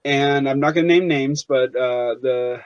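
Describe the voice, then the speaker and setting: A man's voice: mid-range voice, unhurried, smooth, no echo. A young man as an interview guest, telling stories casually, with many fillers and restarts. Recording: dull, lo-fi sound.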